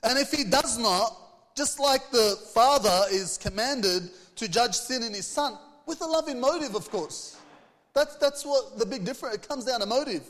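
A man's voice: extremely high pitch, lively intonation, normal speed, a bit bright, in a large hall. A man preaching a sermon, reading scripture aloud and putting earnest rhetorical questions to the congregation. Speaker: pastor.

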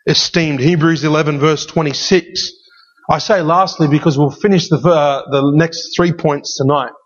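A man's voice: a little high, fairly even intonation, moderate pace. Emphatic male pastor in a reverberant hall. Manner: emphatic, repeats key phrases. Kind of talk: sermon. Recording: dull sound with long hall reverb.

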